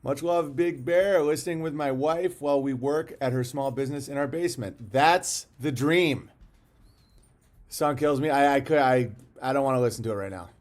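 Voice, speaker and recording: A man's voice: medium pitch, normal speed. A man hosting a casual livestream, rambling, reading viewer comments aloud and talking bluntly with the odd swear word. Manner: blunt and profane. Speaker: livestream host.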